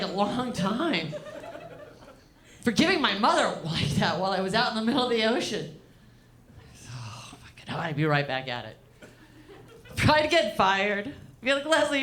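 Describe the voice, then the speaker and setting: A woman performing a stand-up comedy set, deadpan and profane, riffing with the crowd from a club stage. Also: a little high, background noise.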